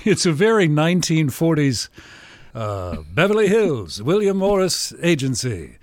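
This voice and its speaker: A man's voice: on the high side, big pitch swings, a little slow, darkish tone, no echo. A man co-hosting a podcast, telling a personal story in a casual, dry joking way. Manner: anecdotal, dry joking delivery. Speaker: podcast co-host.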